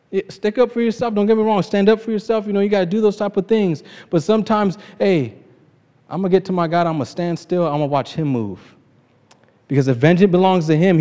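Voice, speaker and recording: High-voiced preacher in an echoing hall. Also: male voice, dark tone. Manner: conversational, laughs often, retells scripture in his own words. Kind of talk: informal sermon. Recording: long reverb of a large hall.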